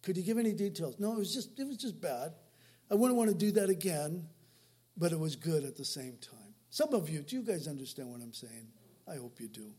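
A man's voice: fairly high pitch, sing-song, brisk, warm tone, breathy edge. Conversational older man preaching. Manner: conversational preaching, rhetorical questions to the congregation. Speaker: pastor. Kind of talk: sermon. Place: church sanctuary.

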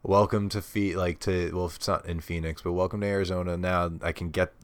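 A young man from New talks in a casual, profane way, with a lowish voice. He jokes, swears freely and gets loud and laughing when he's riled up. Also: little pitch movement, fairly quick, smooth. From New York. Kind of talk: casual chat.

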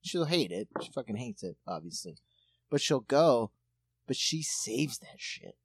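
Animated man telling stories, dry sound. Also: medium pitch, a little slow, creaky, slightly rough, no room sound. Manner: animated storyteller, acts out voices, swears freely. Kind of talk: casual chat.

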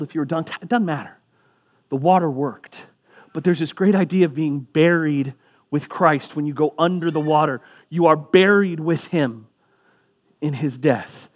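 A man preaching as a pastor, talking in a conversational way with asides, his voice rising for emphasis. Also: a little high. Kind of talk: sermon.

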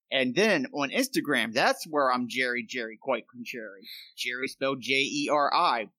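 A man playing a tabletop game, talking in an earnest, measured way. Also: medium pitch, bright, forceful tone, no echo, poor audio. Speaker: player. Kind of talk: casual tabletop game chat.

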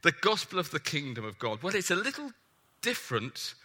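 A man preaching a sermon, emphatic and animated, putting questions to the congregation. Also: a little high, brisk.

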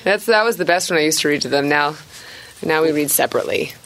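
A woman guest chatting casually at an art convention, laughing often and quoting her family in lively voices. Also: sits low, fast talker. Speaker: guest artist. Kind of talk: casual chat. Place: art convention expo floor. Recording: busy convention with crowd chatter.

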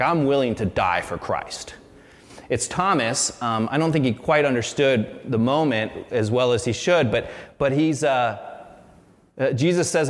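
A man's voice: medium pitch, big-room sound. A man preaching a sermon as pastor, earnest and conversational, often restarting his sentences.

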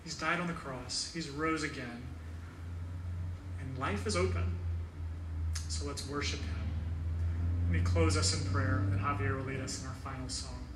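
A man's voice: mid-range voice, fairly even intonation, moderate pace, long pauses, slight background noise. A man pastor giving a sermon in a church, earnest and conversational, with occasional fillers. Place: church sanctuary. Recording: echoey room heard from a distance.

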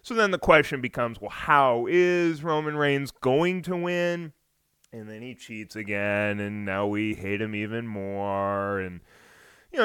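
A man hosting a casual podcast, talking in an excitable, rambling way and swearing often. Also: mid-range voice, smooth, no room sound, clean studio sound. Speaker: podcast host. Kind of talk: casual wrestling podcast chat.

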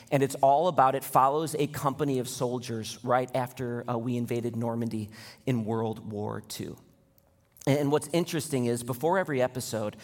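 Young male pastor preaching in a reverberant hall. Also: mid-range voice. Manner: animated, rising to intense emphasis. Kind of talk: sermon. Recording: long reverb of a large hall.

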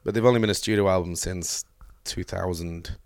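Fast-talking low-voiced man. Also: steady tone, a little mellow, dry recording. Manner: fast-talking, enthusiastic, dry asides. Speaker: podcast co-host. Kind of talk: casual music chat.

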